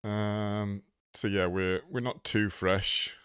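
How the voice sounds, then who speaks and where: A man's voice: lowish voice, flat delivery, slow, fairly bright tone, clear, resonant tone, no echo, clean studio sound. A man hosting a casual live stream, nasal and congested from a cold, greeting viewers by name.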